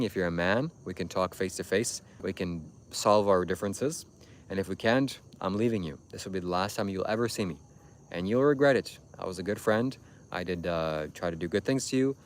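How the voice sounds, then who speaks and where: Low-voiced man lecturing on a livestream. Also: slight background noise. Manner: preachy, insistent, repetitive lecturing. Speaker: livestream host. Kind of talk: livestream monologue addressing chat.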